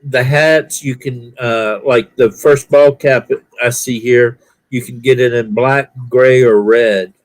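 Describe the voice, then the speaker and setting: Slow-talking man with the hiccups. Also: medium pitch, steady tone, no room sound. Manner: slow, rambling and profane. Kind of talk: casual chat.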